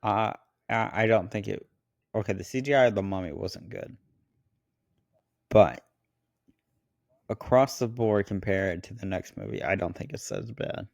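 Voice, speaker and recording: Skeptical male co-host, low gravelly voice, dry close sound, deadpan disagreement. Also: unhurried, pauses often, no echo. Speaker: podcast co-host. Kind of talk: casual movie review chat.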